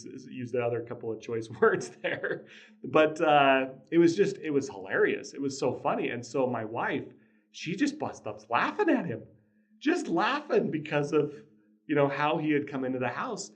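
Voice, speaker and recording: A man at a mid-range pitch talks to listeners about raising kids. He tells the story in an earnest, chatty way, chuckles often, and starts phrases over when he loses his place. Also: sing-song, moderate pace. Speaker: podcast host, father. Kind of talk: casual motivational talk.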